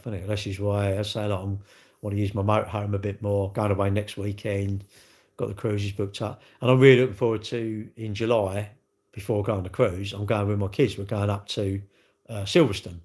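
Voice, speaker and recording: A man's voice: fairly low pitch, flat delivery, a little fast, darkish tone. A British man in his fifties, a used car dealer, rambling bluntly and swearing in a casual live-stream chat.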